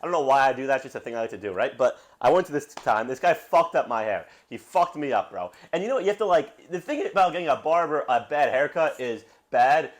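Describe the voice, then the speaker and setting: A young man from Brooklyn, hosting a podcast and telling rambling, profane stories in casual chat. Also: medium pitch. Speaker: podcast host.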